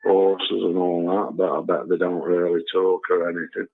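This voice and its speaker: A deep-voiced man with vocal fry and little pitch movement speaks at normal speed over a tinny phone line. Calling in to a talk show, he chats through a rambling anecdote packed with filler like "you know" and "and all that."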